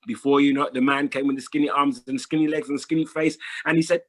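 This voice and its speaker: A man telling a folk tale aloud to an audience, rhythmic and repetitive with dramatic pauses. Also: medium pitch, fairly even intonation, a bit bright. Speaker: storyteller.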